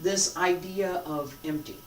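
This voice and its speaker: Calm qigong teacher talking people through breathing, mid pitch, recorded far off in an echoey room. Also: a little hiss or hum. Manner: calm, unhurried cues with conversational asides. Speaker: qigong instructor. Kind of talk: guided breathing lesson with reflective talk. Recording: roomy and distant from the mic.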